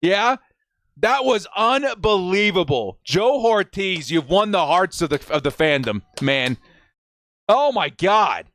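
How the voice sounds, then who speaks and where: A man hosting a live stream, reacting with hype, shouting and whooping, and reading out viewer messages. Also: sits high, big pitch swings, slow pace, no room sound.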